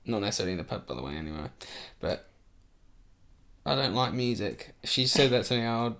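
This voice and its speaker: A man co-hosting a casual podcast, talking in animated, sweary bursts. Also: fairly low pitch, fairly quick, a little hiss or hum. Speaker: podcast co-host. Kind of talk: casual banter.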